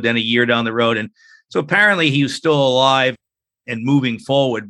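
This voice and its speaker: Earnest bright-voiced man telling a story. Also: medium pitch. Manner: earnest, animated, acts out quoted speech. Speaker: podcast guest, author. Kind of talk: personal storytelling in a faith-based interview.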